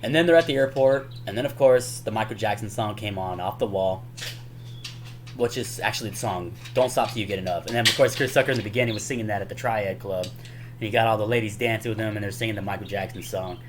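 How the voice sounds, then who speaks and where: A man's voice: fairly low pitch, quick pace, background noise. A man casually recapping favorite comedy movies on his channel, rambling and chuckling, peppering his talk with "man" and "y'all". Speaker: YouTuber.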